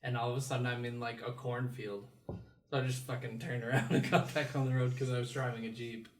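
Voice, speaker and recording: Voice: medium pitch, fast talker, recorded from a distance. Casual rambling chat, roomy room sound, set back from the mic. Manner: relaxed, lots of "like" fillers. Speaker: podcast co-host.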